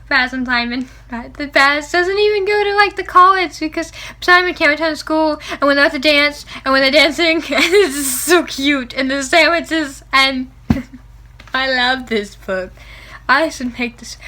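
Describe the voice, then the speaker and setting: Excitable high-voiced young woman gushing. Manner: excitable, gasping and laughing, frequent "like". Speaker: book vlogger. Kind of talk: gushing book review vlog.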